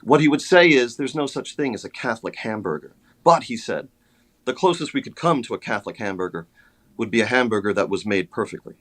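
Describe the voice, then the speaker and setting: A male author on a radio interview, his voice at a middle pitch. He answers at length, measured and thoughtful, filling his pauses with hesitations. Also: lively intonation, fairly bright tone. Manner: measured, hesitant, many fillers. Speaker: author guest.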